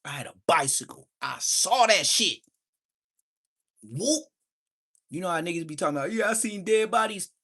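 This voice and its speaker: A man's voice: sits high, normal speed, long pauses, husky. A man hosting a livestream, telling street stories casually and acting out the voices of people in them. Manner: animated street storytelling, acts out quoted voices. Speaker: livestream host. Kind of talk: casual storytelling.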